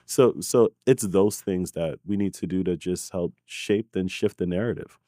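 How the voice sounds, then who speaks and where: A man's voice: deep voice, normal speed, warm tone, no echo, studio quality. A man in his thirties from Brooklyn, talking earnestly as a podcast guest and often checking in with "right?" and "you know". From Brooklyn, New York. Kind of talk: conversational interview. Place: recording studio.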